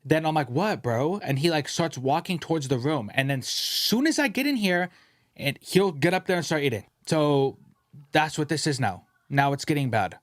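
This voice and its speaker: Man, podcast host, casual studio chat, animated and profane, raised pitch, dry close sound. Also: normal speed, no room sound. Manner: animated, profane, rambling storyteller.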